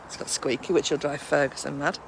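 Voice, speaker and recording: A woman's voice: sits low, fairly even intonation, fairly quick, gravelly, a little hiss or hum. A woman, a mindfulness class instructor, chatting casually on a live stream from home on a handheld phone and cooing in baby talk at her dogs.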